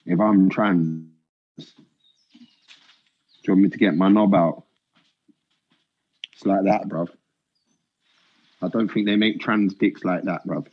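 A young man, talking slowly in a husky voice. He banters on a live stream in heavy slang and repeats himself, with sing-song asides. The audio is dull and lo-fi. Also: sits low. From Britain.

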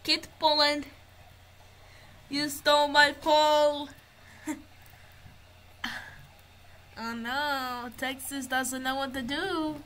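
A woman's voice: high voice, little pitch movement, very slow, pauses often, fairly bright tone, a little hiss or hum, low-quality recording. A woman giving casual gameplay commentary, narrating what she finds as she explores. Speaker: gamer.

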